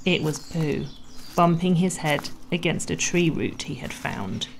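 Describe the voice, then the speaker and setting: Brief: woman storyteller, low pitch, gentle and measured read-aloud. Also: expressive, gravelly, slight background noise. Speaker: narrator. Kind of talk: storybook reading.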